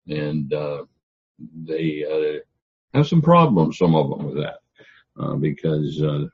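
An older man teaching a Bible lecture, pausing often on fillers as he explains word meanings. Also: low-pitched, mellow, husky. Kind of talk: classroom theology lecture. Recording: dull lo-fi lecture recording.

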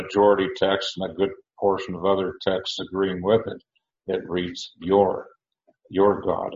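A man teaching through Bible verses, halting with many restarts and fillers, with an occasional dry chuckle. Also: low-pitched, roomy sound, lo-fi sound.

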